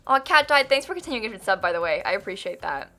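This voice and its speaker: A woman's voice: mid-range voice, big pitch swings, fast, pushed and bright. A young woman from Florida with a General American accent, chatting casually with viewers on a live stream, giggling often and filling with ums and likes. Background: faint music.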